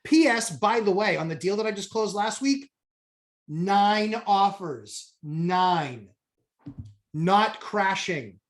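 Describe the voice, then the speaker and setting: A woman telling a story with animated exasperation, an investor chatting on a podcast. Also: medium pitch, slow. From New Hampshire, USA. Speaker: real estate investor, co-host. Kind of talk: casual podcast chat.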